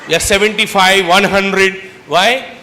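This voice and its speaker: A man speaks to a room of students, his high voice carrying through a reverberant school hall over faint background ambience. He keeps throwing questions at his listeners and drawing them into his motivational talk. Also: steady tone, slow, pushed and bright, a little hiss or hum. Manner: interactive, quizzes the audience with questions. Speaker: chief guest speaker. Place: school auditorium.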